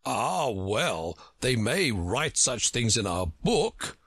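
A man's voice: medium pitch, big pitch swings, takes it slowly, a bit bright, no room sound, clean studio sound, pitched above the performer's own voice, full character voice. A man voicing a pompous, touchy male know-it-all from a storybook who lectures everyone he talks to. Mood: boastful. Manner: self-important, lecturing.

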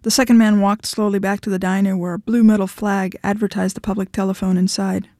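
Woman reading a story, mellow and dry. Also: mid-range voice, level tone, brisk, no room sound. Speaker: narrator. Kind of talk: reading fiction aloud.

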